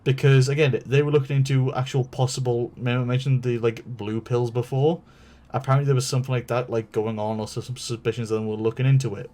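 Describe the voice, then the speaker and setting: A man's voice: mid-range voice, little pitch movement, quick pace, warm tone. Rambling man telling a story. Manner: rambling, lots of fillers and restarts, swears. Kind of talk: casual storytelling.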